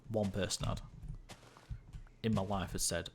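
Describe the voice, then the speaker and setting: Late-teens male streamer, low croaky gravelly voice, rambling and chatty with fillers, keyboard clicks faint behind. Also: fairly even intonation, a little slow, background noise. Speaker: livestreamer. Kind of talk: casual gaming livestream chat.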